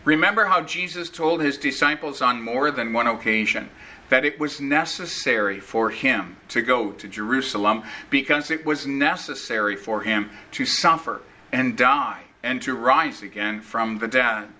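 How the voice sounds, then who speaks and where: A man preaching a sermon in a slow, earnest, emphatic manner, repeating key phrases. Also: medium pitch, sharp tone, rough recording.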